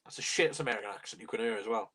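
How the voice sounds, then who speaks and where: A man's voice: fairly low pitch, rapid-fire, pushed and bright, slight background noise. A young man hosting a live fan reaction stream, ranting bluntly and swearing in exasperation. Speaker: fan channel host.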